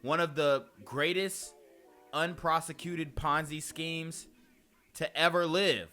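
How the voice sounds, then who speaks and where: A man's voice: on the high side, fairly even intonation, slow, bright, forceful tone, faint music behind. A young man hosting casual reaction commentary, slangy and often laughing. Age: young adult. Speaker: commentary host.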